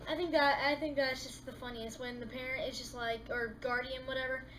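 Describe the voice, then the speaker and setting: A woman vlogger in a casual comedic monologue, talking in an animated way and acting out little scenes with exasperated rants. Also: sits high, a little fast, slight background noise, rough recording.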